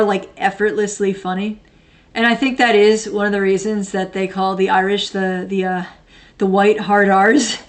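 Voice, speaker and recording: Casting note: woman in her thirties, streamer, mid-pitched, loose rambling chat, laughs a lot, swears freely. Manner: rambling, laughs often, blunt and profane. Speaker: livestream host. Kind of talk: casual chat, reading and answering viewer comments.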